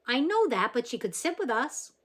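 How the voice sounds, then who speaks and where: A woman voicing an excited young girl who is bossy and playful, in a high, loud voice. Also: normal speed, slightly rough, exaggerated voice. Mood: insistent.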